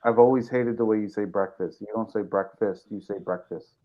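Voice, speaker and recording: A man's voice: on the low side, little pitch movement, racing, dull audio, very noisy. A man co-hosting a casual late-night show, tipsy and loose, joking and teasing his guests. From Chicago area. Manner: tipsy, loose and joking, talking close into the mic. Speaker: co-host. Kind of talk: casual chat.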